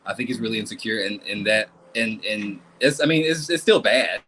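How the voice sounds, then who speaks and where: A man's voice: lowish voice, brisk, a little hiss or hum, rough recording. A man doing a casual live tarot reading, talking bluntly and swearing often. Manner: blunt, animated, swears and laughs a lot. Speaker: tarot reader.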